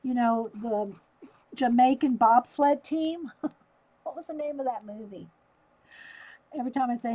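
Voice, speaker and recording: A woman's voice: a little high, normal speed, a little mellow, lo-fi sound. A woman with a Southern US accent, chatting casually on a livestream while she draws. She talks to viewers by name and laughs often. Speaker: livestream host. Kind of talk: casual live-stream chat while drawing.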